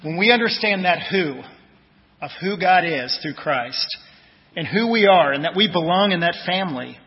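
A fairly high-voiced man preaching a sermon, his delivery conversational and his phrase endings fading quietly. The audio is dull and lo-fi, with a long church reverb behind him. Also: lively intonation, normal speed. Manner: conversational, tells personal stories, trails off softly at phrase ends. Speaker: pastor.

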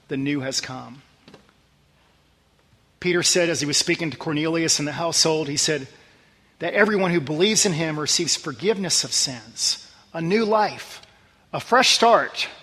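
A man preaching a sermon as pastor, talking conversationally and earnestly, dropping low and quiet on scripture verses. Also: long reverb tail.

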